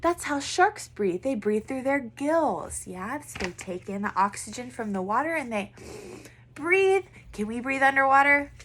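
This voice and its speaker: A woman with a high, animated, fairly bright voice teaches a first grade lesson on video at an unhurried pace, with a little hiss or hum. She patiently and encouragingly asks the children questions and has them repeat words after her.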